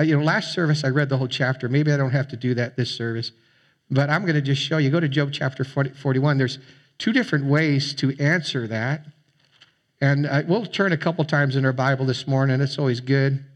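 A man's voice: fairly high pitch, moderate pace. A man preaching a sermon as a pastor, speaking conversationally with frequent fillers and restarts. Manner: conversational, with fillers and repeated words.

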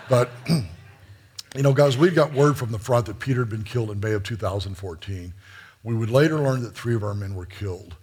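A man's voice: lowish voice, brisk, darkish tone, slight background noise. A middle-aged man preaching, telling stories earnestly and addressing the listeners as guys. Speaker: preacher and missionary. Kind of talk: sermon storytelling.

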